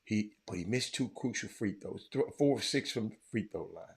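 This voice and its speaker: Excitable sports show host. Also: male voice, lowish voice, normal speed. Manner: loud, excitable, rambling, swears. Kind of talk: casual sports commentary.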